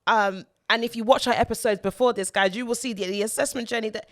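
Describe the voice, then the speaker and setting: A woman's voice: a little high, steady tone, dry recording, studio quality. Earnest woman sharing a personal story. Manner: earnest, halting, repeats words when emotional. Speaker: podcast co-host and mother.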